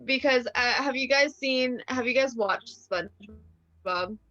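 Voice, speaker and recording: A woman's voice: high-pitched, unhurried, bright, forceful tone, no room sound. A young woman co-hosting a casual video-call chat, telling a story in a rambling, hesitant way. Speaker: co-host. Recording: dull, dry call audio.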